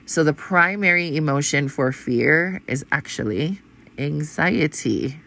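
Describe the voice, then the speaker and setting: Low-voiced Hawaiian Pidgin-tinged woman rambling. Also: animated, slow, vocal fry, a bit bright. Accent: Hawaiian Pidgin-tinged English. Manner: rambling, profane, laughs often. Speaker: podcast host. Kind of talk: casual storytelling monologue.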